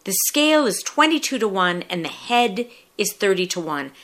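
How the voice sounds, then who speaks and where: Bright-voiced woman hosting a chat. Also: medium pitch, a little slow. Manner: lively, inquisitive, explanatory. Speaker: podcast host. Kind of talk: casual interview and explanation.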